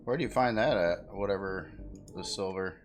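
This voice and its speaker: A man's voice: low voice, normal speed, faint music behind. Easygoing man chatting over gameplay. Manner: easygoing, laughs often, flares up when frustrated. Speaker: game streamer. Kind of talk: casual gameplay chat.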